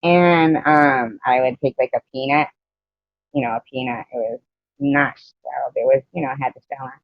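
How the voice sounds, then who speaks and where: A woman's voice: rumbling low, fairly even intonation, moderate pace, no room sound, lo-fi sound. A woman hosting a casual livestream, rambling, reading out chat comments and laughing often between remarks. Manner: rambling, reads out chat comments and greets viewers. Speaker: livestream host. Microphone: phone.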